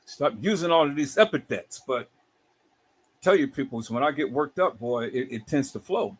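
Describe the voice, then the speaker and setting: A middle-aged man hosting a livestream, talking in an animated, preachy way with many repeated words. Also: mid-range voice, moderate pace, husky. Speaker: livestream host.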